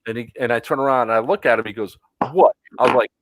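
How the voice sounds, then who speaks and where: A man's voice: mid-range voice, quick pace, no echo, rough recording. A man co-hosting a casual chat, telling a story with many fillers and acted-out quotes. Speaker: podcast co-host.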